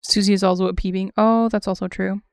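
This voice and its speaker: A woman's voice: mid-range voice, level tone, fast talker, a little mellow, clean tone, no echo, studio quality. A young woman art streamer chatting casually while she draws, thinking aloud with lots of fillers and little laughs.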